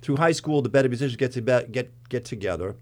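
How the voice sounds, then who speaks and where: Radio guest, man in his sixties, rambling and chatty, average pitch. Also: expressive, fast, a little mellow. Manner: chatty, stammering restarts. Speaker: guest, tribute band singer. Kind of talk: casual chat.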